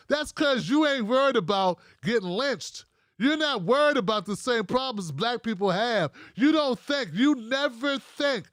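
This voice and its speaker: High-voiced profane American man ranting. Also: lively intonation, moderate pace, fairly bright tone, no room sound, clean studio sound. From United States. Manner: profane, blunt, ranting to viewers; reads out live chat comments. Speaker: livestream host. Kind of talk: political commentary livestream.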